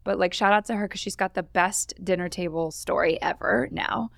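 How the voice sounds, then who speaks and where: A woman guest on a podcast, telling candid dating stories in an animated casual chat. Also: fairly low pitch, moderate pace, creaky, no room sound, clean studio sound. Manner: animated, candid, laughs through her stories.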